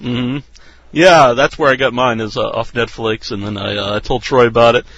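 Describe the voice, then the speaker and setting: A male podcast host keeps the chat loose and easygoing, filling the gaps with "uh" and "yeah". His voice sits at a plain middle pitch. It is recorded close and dry, with no room sound. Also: steady tone, normal speed, fairly bright tone, no echo, muffled recording. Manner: easygoing, loose, with many fillers. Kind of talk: casual interview chat.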